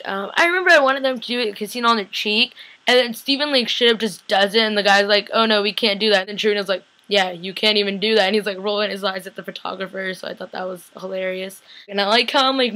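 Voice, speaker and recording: A woman's voice: mid-range voice, pushed and bright, low-quality recording. A young woman telling a vlog story in a chatty way, full of "like" and quoted bits of talk. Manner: chatty, lots of "like", acts out quotes with a lifted voice. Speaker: vlogger.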